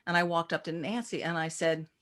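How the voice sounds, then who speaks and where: A woman practitioner and teacher in a casual interview, telling animated stories and acting out quoted voices with many restarts. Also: fairly low pitch, brisk.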